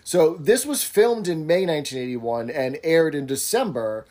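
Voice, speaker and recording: A man's voice: a little high, animated, normal speed, warm tone. A man co-hosting a casual talk show, recapping episode plots in a conversational way. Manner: narrates plot recaps conversationally. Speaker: podcast co-host.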